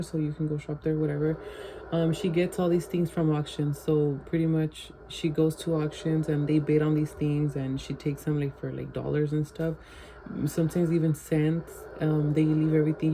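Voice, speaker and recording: A woman at home tells a storytime in a rambling, casual way, leaning on fillers and dropping Spanish phrases into her English. Her voice is mellow and level, with little rise and fall. A faint hiss sits under the recording. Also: deep voice, rough recording. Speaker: vlogger.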